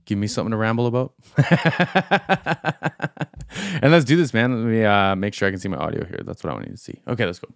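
A low-pitched man talks through a song reaction in a loose, rambling way, stacking fillers as his thoughts run on. His voice is smooth and clear, recorded dry and close with no room sound. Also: fairly quick, no room sound. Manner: rambling, animated, thinks aloud with many fillers. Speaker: music reaction host. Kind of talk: casual reaction commentary.

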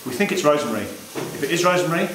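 A man's voice: a little high, animated, fast, roomy sound, noisy background. A man presenting a joking amateur cooking show at home, rambling and laughing between lines. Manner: jokey, rambling, breaks into laughter. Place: home kitchen with friends and drinks.

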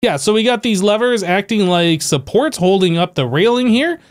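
A man's voice: high-pitched, expressive, normal speed. A man hosting a gameplay video, chatting in an upbeat way as he tours his build. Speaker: host. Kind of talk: gameplay voice-over.

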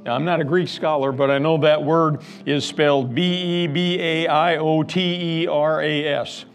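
A man's voice: on the high side, fairly even intonation, normal speed, faint music behind. A man preaching a sermon as pastor, emphatic and fond of repeating words and building lists. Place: church sanctuary.

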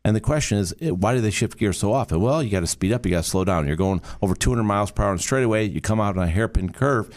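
A middle-aged man from Michigan hosting a podcast, talking in an animated, emphatic way and making playful sound effects. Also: fairly low pitch, fast, few pauses. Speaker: podcast host. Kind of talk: casual podcast talk.

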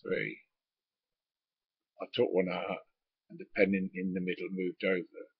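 A low, husky-voiced Englishman rambles through an old story from his trucking days. He drops in casual swearing and plenty of hesitations. The sound is dry and a little dull, as if recorded on a lo-fi mic. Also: completely flat delivery, brisk, no room sound. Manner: swears casually, many ums and asides. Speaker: former truck driver. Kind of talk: rambling spoken anecdote.

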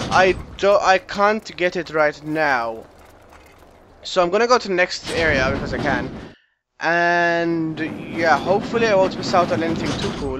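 A young man chats through a video game playthrough, joking and reacting as he goes. His voice sits high and sounds bright and forceful. The delivery is loose and casual commentary. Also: a little hiss or hum. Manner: chatty, goofy, reacts out loud. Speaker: let's play gamer.

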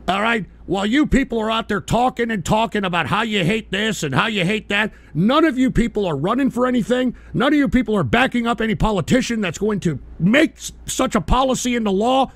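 A man hosting a live talk radio stream, ranting combatively with profanity and bursts of shouting. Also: high-pitched, gravelly, dry recording. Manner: mocking whiny impressions of critics.

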